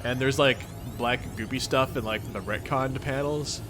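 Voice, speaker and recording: On a livestream, a young man with a Midwestern American accent reads a webcomic and says hello to viewers in a playful, goofy, upbeat tone. His voice is medium in pitch with fairly even intonation at a normal speed, and music plays behind him.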